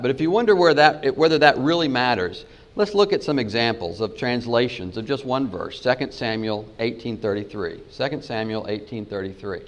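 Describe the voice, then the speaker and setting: A man giving a Bible lesson, reading verses in several versions slowly and softly, then building to emphatic points. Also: mid-range voice. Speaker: Bible teacher. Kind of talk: spoken lecture with scripture readings.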